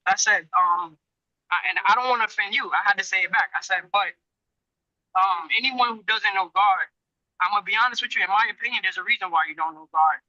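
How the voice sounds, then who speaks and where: A man's voice: high-pitched, fairly quick, bright, forceful tone, dry recording, dull audio. A man who trains people at a gym, telling a long story in a casual, rambling way, often restarting and turning to his listeners with questions. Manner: rambling, frequent restarts, addresses listeners directly. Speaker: Muay Thai gym trainer.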